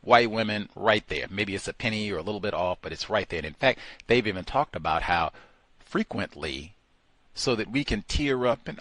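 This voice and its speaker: Animated man mocking in commentary. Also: lowish voice, moderate pace, dry recording. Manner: lively, mocking, acts out voices in his own telling. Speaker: co-host of a call-in talk show.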